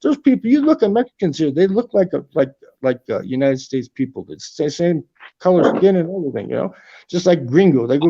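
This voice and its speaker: A man rambles through loose, cursing stories on a casual livestream from his apartment. His voice sits a bit high for a man, with a gravelly fry and a dark, mellow tone. The sound is slightly dull and lo-fi. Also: big pitch swings, fairly quick. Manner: profane, rambling storytelling. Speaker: livestream host. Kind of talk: casual chat.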